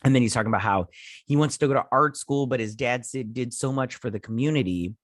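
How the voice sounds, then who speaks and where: A man talks through a TV episode in a loose, rambling recap, paraphrasing scenes with a steady stream of "he's like". His voice sits at an ordinary middle pitch. The sound is dry and close, with no room echo. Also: fast talker. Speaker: host. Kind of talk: casual episode recap and review.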